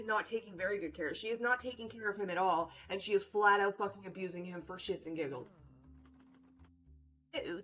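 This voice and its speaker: A woman streaming a game, reacting with blunt, profane and animated commentary. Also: medium pitch, lo-fi sound. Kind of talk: let's play commentary.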